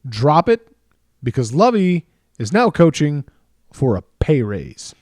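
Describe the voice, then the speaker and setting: A man's voice: a little high, big pitch swings, slow, a little mellow, no echo, clean studio sound. A man co-hosting a casual sports chat, blunt and opinionated, often repeating himself as he makes his picks. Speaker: podcast co-host.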